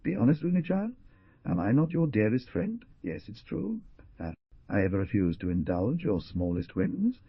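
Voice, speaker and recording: A man voicing a kind, fatherly frontier hunter who gently coaxes his daughter, in an audiobook. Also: on the low side, sing-song, normal speed, breathy edge, dry recording, highs cut off, voice pushed up, heavily acted. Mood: coaxing. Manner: coaxing, affectionate. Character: warm old trapper, fatherly and caring.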